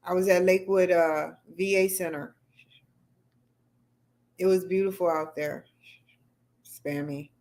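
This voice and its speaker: A woman's voice: on the low side, steady tone, unhurried, long pauses, darkish tone. A middle-aged woman chatting casually and rambling on a livestream, answering viewer comments as she goes. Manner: rambling, talks back to chat comments. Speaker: livestream host.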